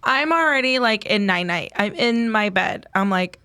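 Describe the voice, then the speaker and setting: A woman's voice: medium pitch, moderate pace, clean tone. A woman co-hosting a casual podcast, telling a story with lots of laughter and acted-out quotes. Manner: animated storyteller, acts out quotes, laughs often. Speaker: podcast co-host. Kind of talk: casual chat.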